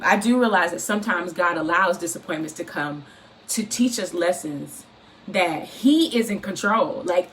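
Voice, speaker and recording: A woman giving an informal, encouraging faith talk, speaking in an animated, repetitive, conversational way. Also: medium pitch. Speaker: inspirational speaker.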